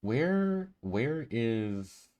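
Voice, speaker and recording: A man's voice: medium pitch, big pitch swings, drawn-out words, darkish tone, dull audio. A man hosting a streamed social deduction game as storyteller, chatting casually and laughing easily. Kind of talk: casual game-night chat.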